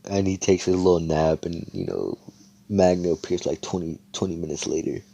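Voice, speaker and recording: Low-voiced rambling young man. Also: lively intonation, moderate pace, gravelly, mellow, breathy edge. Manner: rambling, slangy, swearing, many fillers. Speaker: storyteller. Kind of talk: improvised fan fiction storytelling.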